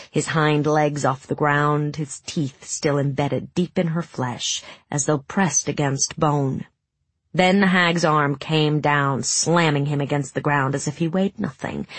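Woman reading a dark story, low husky voice, dry close mic. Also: fairly even intonation, dry recording. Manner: measured, dramatic storytelling. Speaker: narrator. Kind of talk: audiobook narration.

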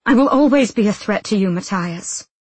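A woman reading an audiobook, voicing a fierce, defiant young woman with a breathy voice. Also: medium pitch, moderate pace, no echo, close to an everyday voice. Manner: sharp, demanding, raised voice.

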